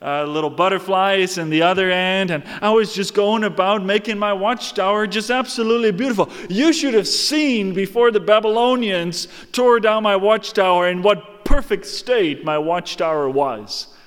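A preacher playing a negligent male watchman talks his way through excuses, rambling and smug about his neglected duty. The voice sits fairly high. A long reverb tail hangs behind it. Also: normal speed, hardly any pauses, fairly bright tone, clear, resonant tone. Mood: self-satisfied. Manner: defensive, rambling, self-satisfied.

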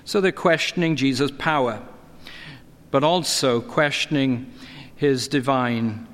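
A middle-aged man preaching a sermon, earnest and expository, his pitch climbing when he presses a point. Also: slow, a bit bright. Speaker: pastor. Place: church. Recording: long church reverb.

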